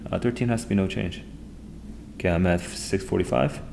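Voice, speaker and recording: Man, low voice, live tutoring stream, thinks aloud, excitable, rambling, faint background noise, desk mic. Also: a little fast, creaky. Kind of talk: live-streamed test walkthrough.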